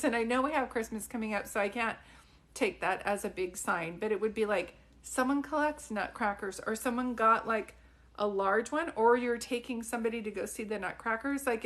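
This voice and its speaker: A woman's voice: a little high, a bit bright. A middle-aged woman, a psychic medium, giving a chatty live-stream reading, full of fillers, questions and laughs.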